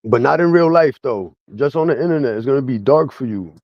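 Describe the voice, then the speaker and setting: A man's voice: mid-range voice, lively intonation, fairly quick, no room sound. A man rants casually at his livestream chat in a mid-range voice. His delivery is mocking and full of street slang. The sound is dry and dull, like a lo-fi streaming mic.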